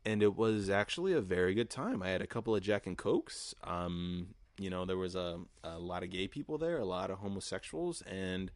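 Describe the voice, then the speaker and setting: Brief: young male podcaster, low voice, dry close mic, rambling and profane with lots of "uh" and "like". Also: animated, moderate pace, few pauses, dry recording. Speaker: podcast host. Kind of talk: casual storytelling monologue.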